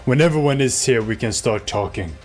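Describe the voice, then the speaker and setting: A man voicing a haughty young man who speaks slowly and with calm authority. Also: mid-range voice, natural voice.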